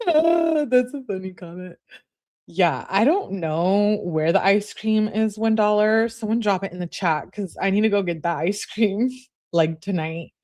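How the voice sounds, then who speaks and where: A woman's voice: mid-range voice, a little slow, a little mellow. A woman commentating on a true crime case, reading out text messages and reacting bluntly with sarcasm and swearing.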